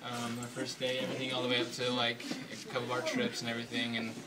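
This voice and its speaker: A man's voice: mid-range voice, fast talker, recorded from a distance, very noisy. Chatty young man telling a story. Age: young adult. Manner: relaxed, chatty, with nervous laughs. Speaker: newly engaged college student. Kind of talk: casual storytelling to an audience.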